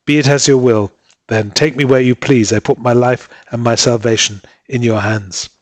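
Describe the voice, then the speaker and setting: A man's voice: mid-range voice, steady tone, normal speed, no echo, lightly acted. A man reading aloud and voicing a guilt-ridden young island husband who speaks in a subdued, sorrowful way. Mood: resigned.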